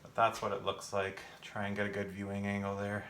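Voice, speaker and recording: A man's voice: fairly low pitch, monotone, a little fast, fairly bright tone. A young man chatting casually on a livestream while working, out of breath and rambling with fillers. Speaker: gaming vlogger answering live chat. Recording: echoey room, faint background noise.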